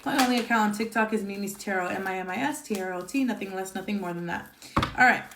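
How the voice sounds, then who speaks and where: A woman's voice: medium pitch, fast talker, noisy background. A woman giving a casual tarot reading, blunt and emphatic, swearing freely and using lots of fillers. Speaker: tarot reader. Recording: echoey room.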